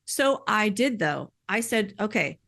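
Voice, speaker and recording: A woman speaking in earnest, conversational podcast talk, heartfelt and animated, often filling with "like" and "you know.". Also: medium pitch, measured pace, creaky. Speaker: podcast speaker sharing personal experience.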